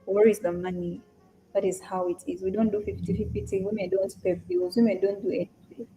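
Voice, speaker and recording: Chatty East African woman, warm voice. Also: medium pitch, little pitch movement, fairly quick, soft background music. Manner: chatty, greets viewers by name and reads comments aloud. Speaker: live-stream trader and host. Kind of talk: casual live-stream chat.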